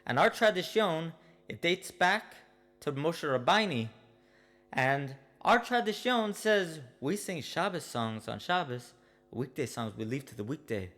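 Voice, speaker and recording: A man's voice: fairly high pitch, big pitch swings, a bit bright, faint music behind, pitched above the performer's own voice. A man doing a slangy bro host. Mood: insistent. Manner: slangy, drawn-out, calls everyone bro. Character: laid-back young male bro host, stern about tradition.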